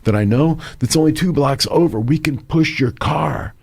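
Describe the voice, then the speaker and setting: A man voicing an excited, helpful male friend in a story he tells. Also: on the high side, a little slow, slightly rough, dry recording, pitched above the performer's own voice, exaggerated voice. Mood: eager.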